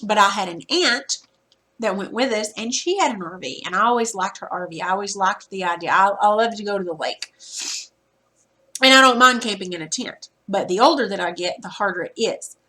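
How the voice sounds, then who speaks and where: A woman teacher recording a reading lesson, explaining vocabulary words patiently and clearing her throat now and then. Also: mid-range voice, sharp tone. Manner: patient, explanatory, spells out word meanings slowly.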